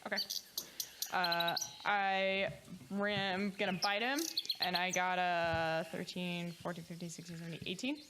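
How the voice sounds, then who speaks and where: A woman player calls her attacks and counts out dice plainly at a mid pitch. Her manner is matter-of-fact. A steady hiss runs behind her. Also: measured pace. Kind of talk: tabletop game play. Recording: noisy background hiss.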